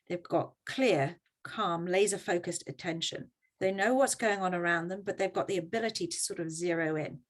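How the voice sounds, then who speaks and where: A woman presenting a workshop in a conversational teaching style, often checking in with her audience. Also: mid-range voice.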